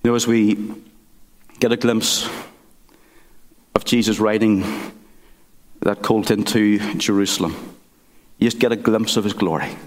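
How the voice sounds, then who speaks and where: A man, a pastor, preaching a sermon and telling a story in an earnest, halting way with many restarts. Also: lowish voice, steady tone. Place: church sanctuary. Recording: church hall reverb.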